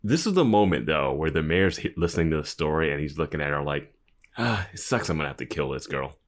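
A man co-hosting a TV recap podcast, joking and reacting with animated asides. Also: a bass voice, quick pace. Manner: jokey, animated reactions, laughs a lot. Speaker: podcast co-host. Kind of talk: casual recap chat.

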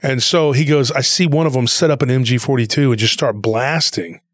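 A man's voice: mid-range voice, a little fast, no echo, clean studio sound. A man casually retelling a story he heard, rambling along with plenty of "he goes" and "he's like".

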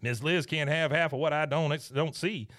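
Man doing a scheming old boss, raised pitch, lively, dry room. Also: moderate pace, no echo, close to an everyday voice. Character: blustery older Texan male boss, scheming.

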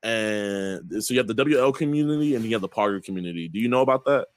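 A man's voice: on the low side, lively intonation, fast talker, no room sound. A man co-hosting a casual podcast, explaining at length with loose slang, cursing and laughs.

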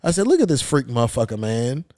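A man's voice: medium pitch, sing-song, fast talker, darkish tone, no echo, studio quality. A podcast host telling a long, profane story in casual chat, acting out the people he quotes. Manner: profane, acts out quoted voices.

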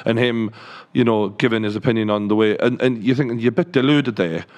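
A man's voice: on the low side, quick pace, darkish tone. Blunt, joking man in football banter. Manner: blunt, swears, jokey banter. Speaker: podcast co-host, football fan.

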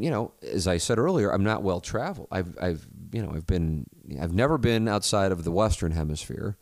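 A man's voice: low-pitched, darkish tone, dry recording. A man hosting a podcast in casual chat, rambling, self-correcting and swearing freely. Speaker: podcast host.

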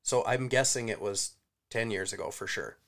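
A man's voice: fairly low pitch, normal speed, vocal fry, fairly bright tone. A man hosting a podcast, chatting casually and admiringly with a longtime friend. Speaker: podcast host. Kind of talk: casual chat.

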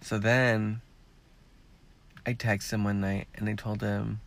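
Man, podcast host, low pitch, gravelly fry, casual monologue, blunt and profane. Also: level tone, takes it slowly, long pauses. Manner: frank and heavily profane; rambling with many fillers.

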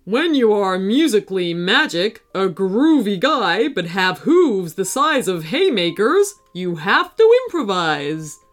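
A woman's voice: mid-range voice, sing-song, slow, hardly any pauses, faint music behind. A woman voicing a showy, groovy male unicorn DJ who calls out to the kids like a hyped-up party announcer.

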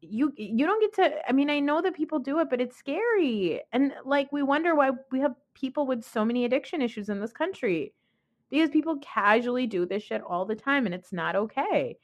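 A woman's voice: sits high, lively intonation, a little fast, muffled recording. A young adult woman hosting a podcast, giving a blunt, opinionated recap in casual commentary and swearing freely. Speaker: podcast host.

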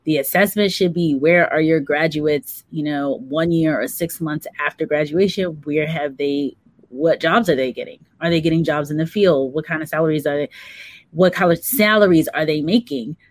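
A woman's voice: low-pitched, normal speed. A woman hosting a live career-advice chat, reading out viewer comments and building on her co-host's points. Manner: conversational, adds to co-host's points.

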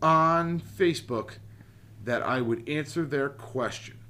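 A man's voice: a little high, slow, sharp tone. A man co-hosting a podcast in casual chat, rambling and cursing freely as he jokes with his co-hosts. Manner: rambling, profane, jokey. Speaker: podcast co-host.

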